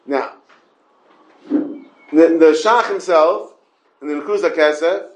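Male Talmud teacher, high-pitched, stop-start delivery full of rhetorical questions, roomy echo. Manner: halting, repeats words and restarts often; asks rhetorical questions and checks with the listeners. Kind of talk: Talmud class lecture.

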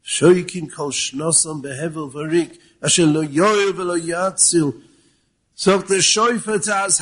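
Speaking a little slowly, this man has a somewhat high, steady, fairly bright voice that is slightly rough. His Torah talk, in a Yeshivish accent with Yiddish and Hebrew words, brims with rhetorical questions and Hebrew sources, and he sometimes raises his voice to stress something.

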